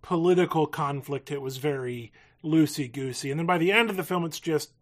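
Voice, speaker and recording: A woman's voice: sits low, brisk. A woman in her thirties co-hosting a casual film chat, chatty and wry, laughing often. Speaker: podcast co-host.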